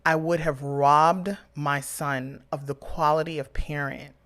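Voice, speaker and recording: Woman, low-pitched voice, emotional storytelling, podcast host, acts out dialogue. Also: measured pace. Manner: emotional, animated retelling with quoted dialogue. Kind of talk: personal storytelling.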